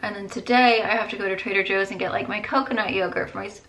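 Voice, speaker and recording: A woman in her thirties talks through her makeup routine to her viewers in a loose, rambling way, leaning on "like" and "you guys." She is worn down by a headache, yet her voice stays bright and forward, at a middling pitch. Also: steady tone, fast talker. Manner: chatty, lots of "like" and "you guys". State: tired, with a headache. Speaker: beauty vlogger. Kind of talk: casual chat while doing makeup.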